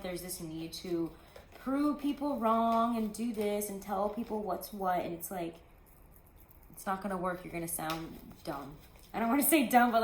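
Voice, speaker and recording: Woman tarot reader, low-pitched, chatty and rambling, echoey room. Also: slight background noise. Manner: chatty, rambling, many "like"s and asides. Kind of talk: casual tarot reading to camera.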